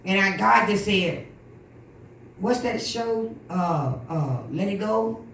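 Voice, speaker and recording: A woman minister shares a testimony in a church hall, switching into the voices of the people she quotes. She sits at a middling pitch and well back from the microphone. The room rings with heavy echo and a faint background hum. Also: slow. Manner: animated storytelling with quoted voices. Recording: echoey room from far off.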